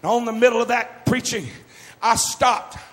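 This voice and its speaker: Preacher guy hollering his sermon, real high voice, big echoey hall. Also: steady tone. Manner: shouting, drawn-out fervent preaching. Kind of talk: revival sermon.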